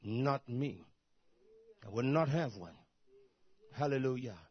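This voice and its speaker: A man preaching a sermon, who swings from soft, murmured asides to loud, shouted bursts. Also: medium pitch, animated, slow, slightly rough, highs cut off.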